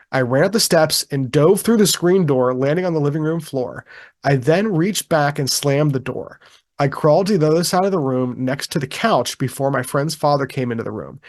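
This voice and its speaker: A man co-hosting a podcast in casual chat, reading a witness account aloud in a relaxed, chuckling way with frequent ums and restarts. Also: on the high side. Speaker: podcast co-host.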